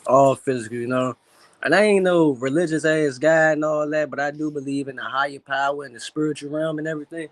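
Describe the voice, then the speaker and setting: Candid, profane boxer telling a story. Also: male voice, a little high, fairly even intonation, a little fast, dry recording. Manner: emotional about his late father. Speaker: professional boxer, guest. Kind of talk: casual interview talk.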